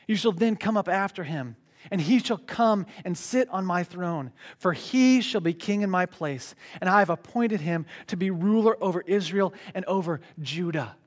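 A man with a very high voice preaching a lively sermon. He reads scripture slowly, then breaks into casual, energetic retelling, voicing the crowds himself. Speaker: pastor.

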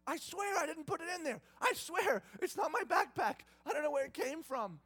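Man doing panicked brothers, high squeaky begging, loud and desperate. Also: measured pace. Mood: frantic denial. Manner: high frantic begging, voice cracking upward. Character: panicked pleading grown brothers, men.

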